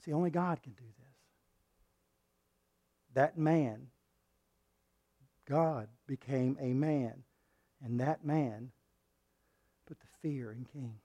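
A male preacher delivering a sermon, reading scripture and swinging between loud, forceful passages and hushed ones. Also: mid-range voice, takes it slowly, pauses often, muffled recording. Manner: reads scripture aloud and acts out quoted lines.

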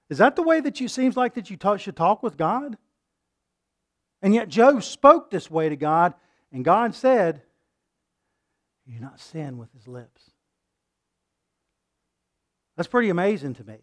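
Guy preaching, higher-pitched voice, earnest, keeps restarting words and then gets worked up. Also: sing-song, a little slow, long pauses. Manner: earnest, rising to impassioned outbursts when quoting. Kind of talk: sermon.

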